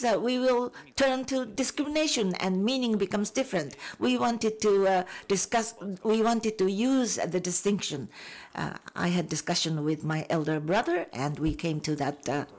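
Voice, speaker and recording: A woman working as an interpreter at a film panel, putting audience questions and panel answers into English phrase by phrase. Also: mid-range voice. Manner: halting, phrase-by-phrase delivery.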